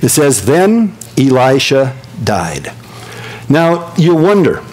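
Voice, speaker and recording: An older man preaching a sermon as pastor, telling stories with lively swings from excited high tones to low hushed earnestness. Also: takes it slowly, low-quality recording.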